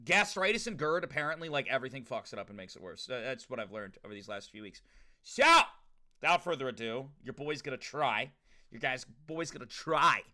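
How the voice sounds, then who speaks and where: Bright-voiced young male streamer. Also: mid-range voice, animated, brisk. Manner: loose, profane, joking chatter. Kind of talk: casual livestream chat to viewers.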